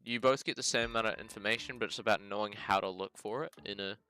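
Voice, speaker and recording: Bright-voiced New Zealand man musing aloud. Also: fairly low pitch, fairly even intonation, fast, smooth. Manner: thinks aloud, hedging and musing, says "bloody" often. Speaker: gaming video host. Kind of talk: casual game commentary.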